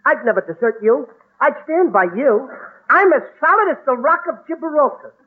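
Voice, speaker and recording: A man playing a childlike, boastful comic sidekick in a 1940s radio comedy, with an excitable, whiny delivery. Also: extremely high pitch, normal speed. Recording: tinny, phone-like old radio sound.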